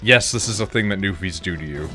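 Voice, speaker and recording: A Canadian streamer with a low voice talks fast, sounding pushed and bright, with faint music behind him. As he games he rambles on, cursing a lot and peppering everything with "like."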